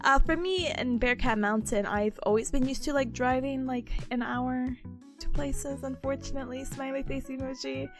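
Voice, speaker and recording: A woman's voice: sits high, moderate pace, music in the background. A young woman, chatting casually on a study stream, bubbly and gushing, laughing often.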